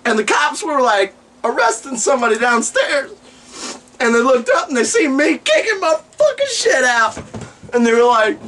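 Here a man with a very high voice narrates comic tales for his vlog at a normal pace, swearing a lot and impersonating the people involved in a lively, profane way. The mic sits far from him and picks up a little hiss or hum.

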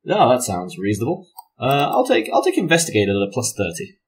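A man's voice: mid-range voice, huge pitch swings, brisk, husky. A man running a tabletop game as game master, self-mocking and laughing often as he narrates.

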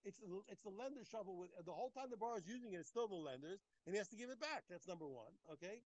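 A man teaching a daily Talmud page, his voice high and a little husky. He swings widely up and down as he explains, restarting and repeating phrases as the argument builds. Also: very fast, no room sound, poor audio. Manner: animated, repeats phrases, acts out the text's speakers. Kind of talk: daf yomi Talmud class.

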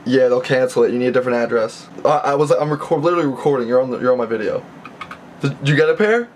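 A young man talks fast at medium pitch in a casual to-camera vlog, set in a messy bedroom that's being packed. He stammers, rambles, and keeps restarting, and there's slight background noise.

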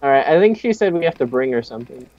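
A man's voice: mid-range voice, animated, fast. A young man playing a horror game with a friend, joking sarcastically and swearing often. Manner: sarcastic, swears a lot, jokey. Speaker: gamer, channel host. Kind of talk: casual let's-play banter. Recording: dull lo-fi mic with faint game music.

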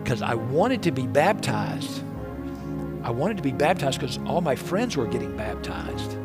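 A man's voice: mid-range voice, sing-song, unhurried, loud music behind the voice. A male pastor preaching a sermon in a church, telling stories with energy and many repeats and restarts. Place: church sanctuary.

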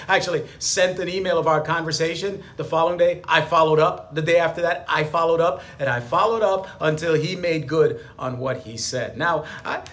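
A man's voice: a little high, fairly bright tone. A man, a business attorney, giving a motivational talk to camera, emphatic and fond of repeating his key phrases.

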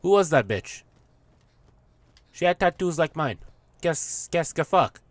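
A man's voice: on the high side, lively intonation, slow, dry recording. A man playing a video game and joking through it, swearing and talking back at the characters. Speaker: gamer. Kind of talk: let's play commentary.

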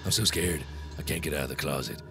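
A man voicing a frightened diary entry read aloud in a horror video game, in a low, subdued tone. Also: fast talker. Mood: frightened, hushed. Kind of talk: game voice acting. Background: game music.

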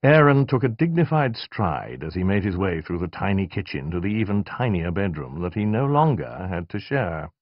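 Brief: male audiobook reader, low and animated, dry, muffled studio sound. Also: normal speed, hardly any pauses, dry recording. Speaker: audiobook narrator. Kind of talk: scripted narration.

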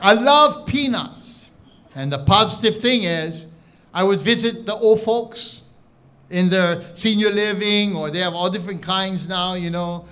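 A man with a Hawaiian Pidgin accent doing live stand-up comedy, telling an animated story with audience banter. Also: high-pitched, unhurried, smooth. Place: live showroom stage with audience. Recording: echoey room, crowd laughter, background noise.

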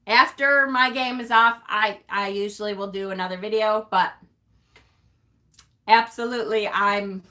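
A woman's voice: mid-range voice, steady tone, measured pace, bright, forceful tone. A woman from North Carolina hosting a casual live stream, chatting with viewers and teasing them, laughing often. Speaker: witchy livestream host. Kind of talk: casual live-stream chat reading comments.

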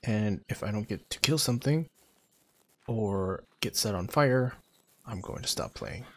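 A man's voice: on the low side, animated, measured pace, slight background noise. Sarcastic man narrating gameplay. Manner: sarcastic and joking. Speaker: gaming channel host. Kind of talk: let's-play commentary.

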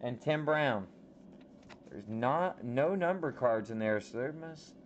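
A man hosting a casual card break, calling out players with slow, drawn-out reactions as he opens packs. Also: medium pitch, expressive. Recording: slightly dull audio with faint background noise.

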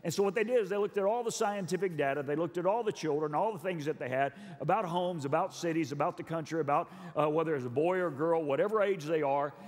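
Speaking fast with hardly any pauses, this middle-aged male pastor preaches with earnest emphasis, repeating phrases for effect. His voice is on the high side and a little mellow, ringing with the long reverb of a big church hall.

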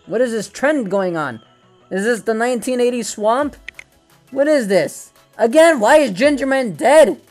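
A man hosting a VR fishing game video, excitable and joking, swearing often as he plays. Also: very high-pitched, measured pace, faint music behind. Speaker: gaming channel host. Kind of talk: VR game commentary. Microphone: VR headset gameplay capture.

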